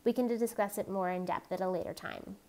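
A woman reading aloud voices a stern, coldly menacing middle-aged male commandant with a deep, measured, cutting manner. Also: fairly even intonation, darkish tone, lightly acted.

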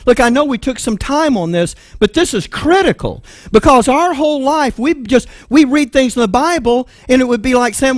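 Lively high-voiced Texan preacher. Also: male voice, normal speed, hardly any pauses, no room sound, studio quality. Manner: impassioned, emphatic preaching with rhetorical questions. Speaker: pastor. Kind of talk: sermon.

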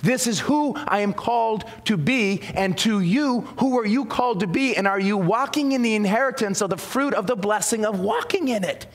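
A man's voice: sits high, normal speed, few pauses. A man preaching a sermon to his congregation in a church, emphatic and folksy, repeating his key phrases for effect. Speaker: pastor. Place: church sanctuary.

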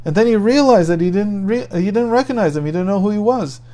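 A man's voice: high voice, lively intonation, fast, dark tone. A man telling a story in a daily Torah lesson, thinking aloud and restarting his phrases as he goes. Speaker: Torah teacher.

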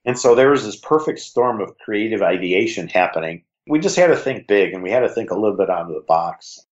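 A man in his sixties with a heavy Chicago accent, relaxed and reflective, telling stories as an interview guest. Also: lowish voice, fairly quick, muffled recording. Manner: relaxed, reflective, uses fillers like "you know". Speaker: guest, former league creative director. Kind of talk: conversational interview storytelling.

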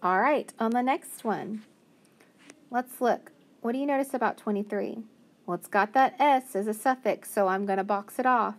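A woman teacher giving a phonics lesson to young children, patiently sounding out each word. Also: on the high side. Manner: slow, patient, sounding out words.

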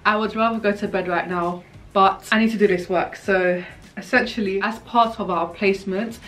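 A woman's voice: mid-range voice, fairly even intonation, moderate pace, fairly bright tone. Tired chatty woman vlogging her day. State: hiccuping. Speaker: medical student vlogger. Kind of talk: casual vlog narration.

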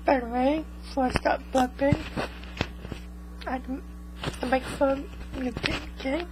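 A woman's voice: high voice, fairly even intonation, measured pace, background noise. A woman vlogging in casual chat to her viewers, rambling and tagging most remarks with 'okay?'. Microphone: USB microphone.

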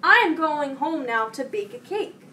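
A woman's voice: high-pitched, lively intonation, normal speed, sharp tone. A woman voicing a fretful young male toad who loves cookies, in an earnest, pleading reading voice. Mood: glum. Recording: distant mic with faint noise.

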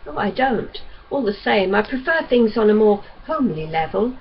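A calm young doctor, voiced by a woman reader, talks in a measured, reasonable tone, coaxing rather than pushing. The mid-range voice comes through a dull recording with faint hiss behind it. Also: medium pitch.

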